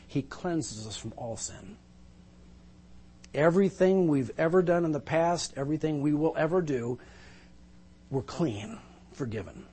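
Husky-voiced preacher telling a Bible story. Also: male voice, fairly high pitch, warm tone. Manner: vivid storytelling, emphatic, acts out quotes. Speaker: pastor. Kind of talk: sermon.

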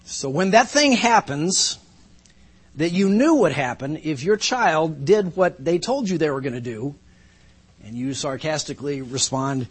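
Pastor, male, fairly high husky voice, measured sermon delivery, dry humor. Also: animated. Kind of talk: sermon with opening prayer. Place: church sanctuary.

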